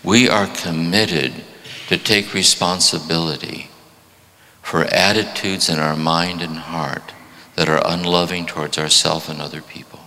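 A man's voice: low-pitched, steady tone, a little slow, pushed and bright, slight background noise. A man in his seventies giving a reflective spiritual talk, often repeating phrases for emphasis. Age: 70s. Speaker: spiritual teacher. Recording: long hall reverb.

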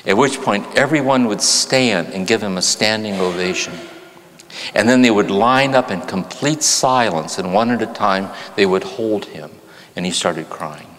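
Deep-voiced man speaking in a church hall. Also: a little hiss or hum. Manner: reflective, slows and softens on key phrases. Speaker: spiritual teacher and therapist. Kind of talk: spiritual talk to a live audience. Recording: long hall reverb in a church.

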